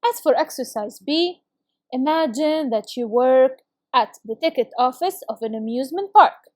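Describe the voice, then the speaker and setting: A woman teaching an English lesson to schoolchildren on video, reading example phrases slowly and carefully and often praising her students. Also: sits high, expressive, dry recording, studio quality.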